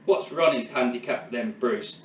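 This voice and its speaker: A man's voice: mid-range voice, unhurried, roomy sound, recorded from a distance, close to an everyday voice, rough recording. A man playing a posh, put-upon business mogul who answers dryly in a comedy sketch.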